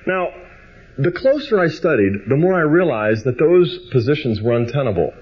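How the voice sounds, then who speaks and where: A man giving a biblical theology lecture. He reads scripture slowly with emphasis, then speeds up into personal storytelling. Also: medium pitch, very animated, husky, highs cut off.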